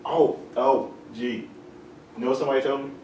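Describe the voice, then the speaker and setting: A man's voice: medium pitch, steady tone, fairly quick, dark tone. A man, a podcast co-host in loose, profane casual chat. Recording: roomy, distant mic, audible noise.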